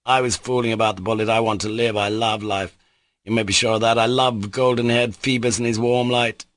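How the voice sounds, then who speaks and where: A man voicing a reckless, excitable young nobleman in an audiobook reading, loud and exclamatory. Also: fairly low pitch, a little fast, no room sound, voice pushed up, natural voice. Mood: brooding.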